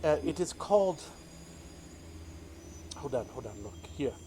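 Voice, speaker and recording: A man's voice: fairly high pitch, big pitch swings, a little slow, mellow, slight background noise. A man voicing a friendly, chatty female ship crew member who fusses and hesitates. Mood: helpful.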